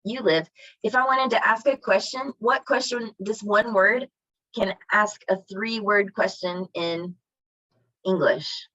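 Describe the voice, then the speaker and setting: A woman's voice: mid-range voice, takes it slowly, sharp tone, dry recording. A woman teaching a Spanish class online, asking students questions and praising their answers. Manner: encouraging, asks students questions. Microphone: video call. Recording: dull lo-fi video call audio.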